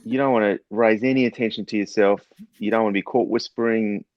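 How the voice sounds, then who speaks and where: A middle-aged man with a New Zealand accent, a guest telling stories in a relaxed, measured way with frequent fillers. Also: lowish voice, no room sound. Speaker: guest, former special forces officer turned doctor. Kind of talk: casual storytelling in conversation. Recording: slightly dull, muffled sound.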